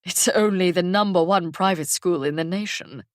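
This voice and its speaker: A woman's voice: fairly low pitch, normal speed, no room sound, studio quality, lightly acted. A woman reading the part of a charming, self-important middle-aged father in an audiobook, with a goofy, puffed-up manner. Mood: smug. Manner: goofy, puffed-up and pleased with himself.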